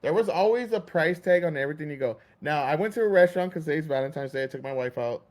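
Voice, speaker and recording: A man's voice: a little high, lively intonation, fast talker, a little mellow. Heated, swearing man ranting. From Texas. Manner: heated, swearing, acts out store clerks. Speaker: podcast host. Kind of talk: casual profane rant.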